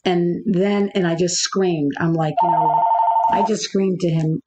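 A woman with a slightly low voice recounts a frightening personal story as an interview guest. She speaks haltingly, circling back with fillers and restarts. She is a business coach. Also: fairly even intonation, dark tone, highs cut off, a little hiss or hum.

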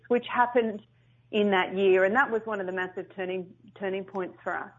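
A woman's voice: medium pitch, fast talker. Earnest lady guest telling her story, mid-height voice, kinda muffled audio. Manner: earnest, animated storyteller with restarts. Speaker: guest, company founder. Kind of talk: interview storytelling. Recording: muffled lo-fi sound.

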